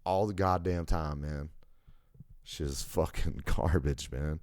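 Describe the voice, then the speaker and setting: Young american dude ranting solo on his podcast, swears a ton, really low voice, dry sound. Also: slow, a little mellow, no echo. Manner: profane, rambling rant. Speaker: podcast host. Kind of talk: casual solo monologue.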